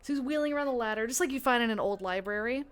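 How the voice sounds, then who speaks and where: A woman's voice: on the high side, very fast, clear, resonant tone. A woman running a tabletop role-play game as game master, narrating in a chatty way full of fillers and restarts. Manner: chatty, lots of fillers and self-corrections.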